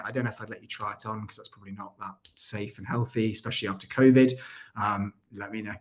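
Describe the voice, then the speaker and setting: A man's voice: fairly low pitch, quick pace. A man hosting a casual livestream, chatty and rambling, with a dry throat and frequent coughs. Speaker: airsoft channel host.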